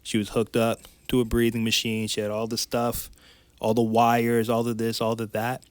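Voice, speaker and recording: A man's voice: mid-range voice, completely flat delivery, moderate pace, clean tone, no room sound. Man, podcast guest, frank heartfelt storyteller, dry close sound. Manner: candid and emotional, tumbling phrases with restarts. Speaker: podcast guest, life coach. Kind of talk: personal storytelling in conversation.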